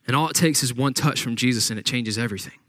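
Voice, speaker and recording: A pastor preaches a sermon, reading scripture aloud and retelling the story with dramatic, acted-out quotes. His voice is medium-pitched and a bit bright, his pace quick, and the recording dry.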